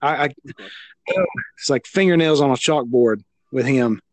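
A man with a Southern American accent chatting about wrestling, animated, restarting his sentences. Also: medium pitch, measured pace, no echo. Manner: animated, stammering restarts, loud impressions. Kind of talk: casual wrestling chat.

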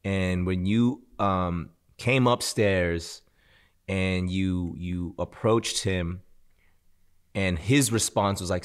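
Low-voiced man musing over a meal. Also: slow pace, clear, resonant tone. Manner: reflective, thinks aloud with restarts and laughs. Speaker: podcast co-host. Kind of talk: casual faith conversation. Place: indoor studio at a shared meal.

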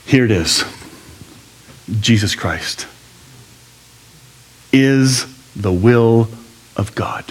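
A man preaching a sermon to a church congregation, conversational and animated, with jokey asides. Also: medium pitch, very slow, pauses often. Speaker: pastor.

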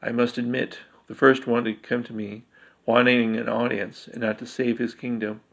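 A man voicing a harsh, menacing cannibal half-elf king in a dark fantasy story. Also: mid-range voice, little pitch movement, normal speed, creaky, poor audio. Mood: probing. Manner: harsh, demanding.

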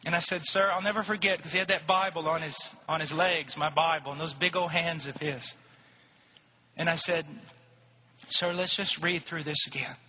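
Male preacher, high bright voice, reverberant hall, passionate storytelling sermon. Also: steady tone, normal speed, slight background noise. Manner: impassioned storytelling, rising to shouts.

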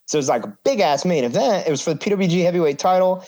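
Man, wrestler on a podcast, 30s, slightly higher voice, casual swearing storyteller. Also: racing. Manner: animated, swears freely, acts out quotes. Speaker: pro wrestler guest.

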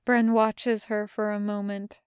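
A woman narrating fan fiction in a soft, intimate reading style. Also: mid-range voice, flat delivery, unhurried, clean tone, dry recording, studio quality.

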